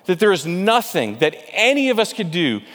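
Pastor guy preaching, chatty, high-ish voice, lots of hall reverb. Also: very animated, moderate pace, a bit bright. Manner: conversational, rhetorical questions, repeats words. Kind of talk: sermon.

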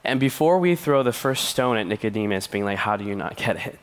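A man's voice: fairly low pitch, animated, fairly quick. A man preaching as a youth pastor, telling stories with playful voices and laughter. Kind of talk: sermon.

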